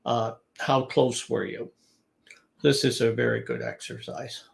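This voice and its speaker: Guy teaching business english live, chill and chatty, bit of gravel in his voice. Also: medium pitch, measured pace. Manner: relaxed, conversational, advice-giving. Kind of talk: live-streamed lesson.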